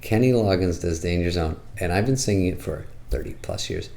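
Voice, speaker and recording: A middle-aged man doing a deadpan, sarcastic comic movie review in casual chat, now and then jumping into squeaky put-on voices. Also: normal speed.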